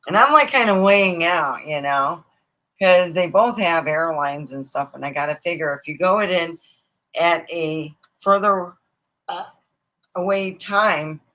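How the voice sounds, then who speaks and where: Bright-voiced rambling woman from Nevada. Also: sits low, rough recording. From Nevada, USA. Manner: chatty, digressive, swears freely, acts out quoted voices. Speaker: livestream host. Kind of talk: rambling casual monologue.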